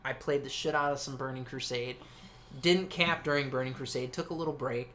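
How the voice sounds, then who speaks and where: Bright-voiced man rambling casually. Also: medium pitch, brisk, slight background noise. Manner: rambling, swears often, many fillers. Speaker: co-host. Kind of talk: casual podcast chat.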